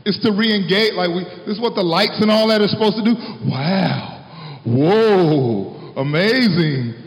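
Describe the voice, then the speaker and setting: A man preaching a sermon in a relaxed, conversational way, laughing often and reading scripture aloud. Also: high voice, fast talker. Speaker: pastor. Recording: long hall reverb, dull lo-fi sound.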